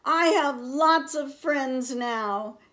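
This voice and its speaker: A woman voicing a small, eager young male beaver in a children's storybook reading, earnest and excitable. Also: fairly low pitch, a little slow. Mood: joyful.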